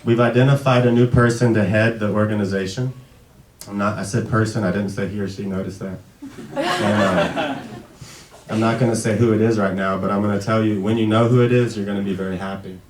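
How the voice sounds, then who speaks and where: A man in his thirties giving an emotional tribute speech at a memorial event, halting and full of restarts, sometimes fighting back tears. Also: lowish voice, steady tone, slight background noise. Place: event hall. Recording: echoey hall, far from the mic.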